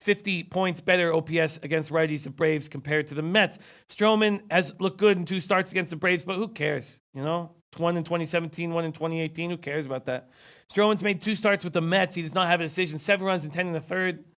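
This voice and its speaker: A man's voice: a little high, steady tone, fairly quick, fairly bright tone. A man hosting a sports betting show, losing his voice, reading viewer comments and rattling off stats. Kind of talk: casual sports betting talk.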